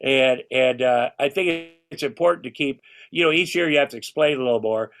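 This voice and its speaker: A man's voice: mid-range voice, fairly quick, a bit bright, a little hiss or hum. Older male guest in his sixties, loose and rambling, casual talker. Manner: rambling, restarts, swears casually. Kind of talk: casual chat.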